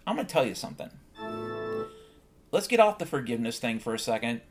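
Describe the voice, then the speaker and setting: A man's voice: medium pitch, very animated, quick pace, music in the background. A man hosting a solo podcast, ranting bluntly and swearing often in a heated monologue. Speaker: podcast host.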